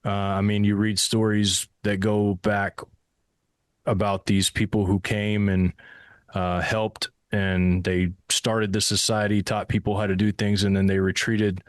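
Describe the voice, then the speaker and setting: A man's voice: fairly low pitch, little pitch movement, measured pace, no echo, studio quality. A man hosting an interview, asking rambling questions with many restarts. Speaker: host interviewer. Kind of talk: interview conversation.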